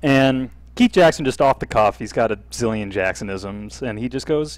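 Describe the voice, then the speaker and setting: A man co-hosting a live sports chat show, easygoing and quick to laugh. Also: mid-range voice, expressive, poor audio. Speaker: podcast co-host. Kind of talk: casual chat.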